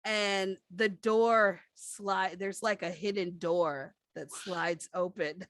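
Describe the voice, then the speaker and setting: A woman serving as game master, narrating the scene in a slow, easygoing way and stopping often for "um" and "like." Her voice is mid-pitched and close, with a dry, dead sound around it. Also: steady tone, fairly bright tone, dry recording. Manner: unhurried, chatty, full of fillers.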